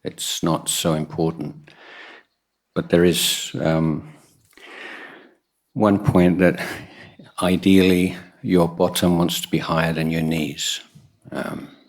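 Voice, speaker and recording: A man, a Buddhist monk, giving a guided meditation talk at a retreat, pausing often with soft fillers. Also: low-pitched, little pitch movement.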